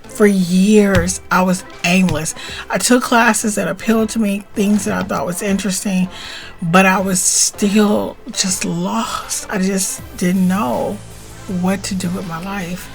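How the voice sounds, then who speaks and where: A middle-aged woman telling a personal story on her video blog, swinging between plain recollection and tearful, animated outbursts. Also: takes it slowly, creaky, faint music behind. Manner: emotional, animated retelling with rising pitch and tearful outbursts. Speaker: spiritual vlogger.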